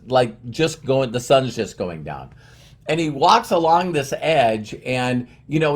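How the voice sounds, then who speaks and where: A middle-aged man speaks earnestly in a personal motivational monologue, in a voice of ordinary middle pitch. He rambles and restarts his sentences as he works through his thoughts.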